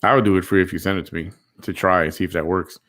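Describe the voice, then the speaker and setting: A man's voice: low-pitched, steady tone, very fast, a bit bright. A man hosting a casual talk show, reading out viewer comments and giving blunt, profane opinions with frequent restarts. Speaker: show host.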